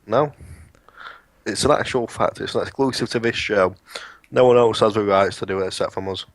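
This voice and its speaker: A man's voice: lowish voice, moderate pace, no room sound. Sweary young man, casual podcast chat. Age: young adult. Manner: sweary, jokey, rants. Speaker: podcast co-host.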